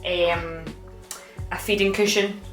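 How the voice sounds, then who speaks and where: Flat-voiced young woman, echoey room. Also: on the low side, slow, soft background music. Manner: rambling, full of fillers. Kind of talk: casual chat.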